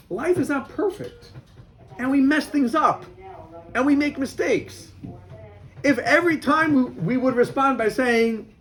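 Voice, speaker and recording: A man, a rabbi, teaching a class of boys and telling them a story, often repeating himself. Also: very high-pitched.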